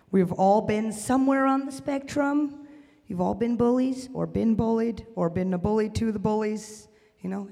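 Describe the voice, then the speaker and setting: A man from the Chicago suburbs doing a stand-up set, animated and quick to break into loud impressions. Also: high-pitched. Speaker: stand-up comedian. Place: warehouse art space before a live audience. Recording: live venue reverb.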